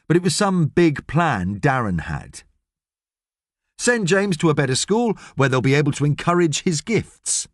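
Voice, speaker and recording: A man's voice: mid-range voice, no room sound. A man narrating an audiobook in a scripted storytelling style, recorded on a studio microphone. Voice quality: expressive, storytelling.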